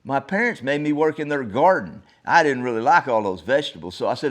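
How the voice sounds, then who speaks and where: A man's voice: mid-range voice, animated, brisk, few pauses. An older man from Oklahoma, hosting a solo podcast as a folksy, rambling storyteller. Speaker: podcast host. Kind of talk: solo reflective talk.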